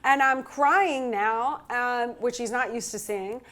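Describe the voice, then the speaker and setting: A woman with a fairly high voice tells a personal story in a candid, self-mocking way. She is animated and frank, a relationship speaker talking straight to her listeners. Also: slow pace.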